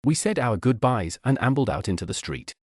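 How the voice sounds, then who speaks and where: Guy reading a novel aloud, wry and expressive, lots of pitch swing, dry close sound. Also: a little fast, no echo. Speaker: audiobook narrator. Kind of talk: audiobook narration.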